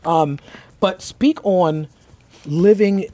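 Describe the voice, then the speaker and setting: A man's voice: high-pitched, drawn-out words, crowd noise. New man asking winding questions. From New York. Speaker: interview host. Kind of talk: casual conversational interview.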